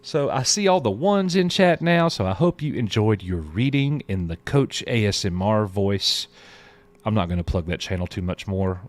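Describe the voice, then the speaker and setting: A man co-hosts a laid-back live stream, his voice sitting low. He drifts between reading viewer messages and chatting about them in a loose, unhurried way. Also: very animated. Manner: reads viewer messages aloud, drawling and chatty. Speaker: show co-host. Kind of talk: casual live-stream chat.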